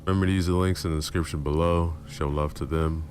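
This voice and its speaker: A man reading a dramatic story aloud in a low, slow, intimate manner. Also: fairly even intonation, darkish tone. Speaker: storyteller streamer. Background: background music and rain.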